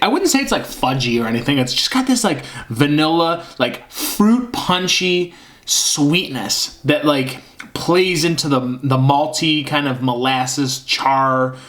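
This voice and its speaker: A man's voice: medium pitch, fairly bright tone. A man casually reviewing a beer on camera, rambling and hunting for words with lots of fillers. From Michigan.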